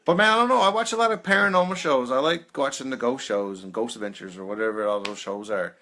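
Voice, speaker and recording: Speaking fast in a bright, forceful mid-range voice, a man in his thirties leads a peer support live video chat. His personal stories ramble, punctuated by frequent laughter and many uses of "man."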